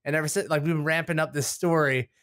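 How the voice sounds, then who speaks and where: A man's voice: fairly high pitch, fairly even intonation, quick pace, fairly bright tone. A man co-hosting a podcast in casual chat, teasing and laughing often, with short replies. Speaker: podcast co-host.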